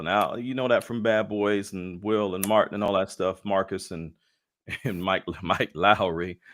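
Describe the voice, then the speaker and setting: A man's voice: fairly low pitch, a bit bright. A man co-hosting a casual leadership webinar, playful and jokey, mixing slang asides with talk of faith. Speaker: co-host and leadership coach.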